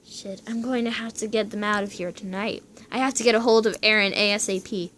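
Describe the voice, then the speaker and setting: A woman voicing a calm, urgent man who secretly protects the lovers, talking in a hushed, businesslike way. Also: mid-range voice, fairly quick, a little hiss or hum, natural voice.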